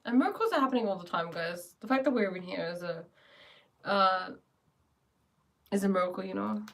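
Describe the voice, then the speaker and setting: Playful woman with a creaky voice. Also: medium pitch, normal speed, a bit bright. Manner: playful, laughs often, answers viewer comments. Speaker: spiritual teacher on a live stream. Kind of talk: casual live-stream chat.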